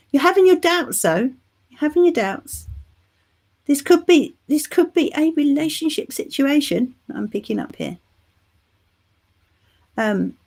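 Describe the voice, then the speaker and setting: Still recovering from the flu, a middle-aged English tarot reader hosts a live reading, chatting fondly and addressing viewers as "love" and "darling." Her voice is a little high, creaky, darkish and slightly rough.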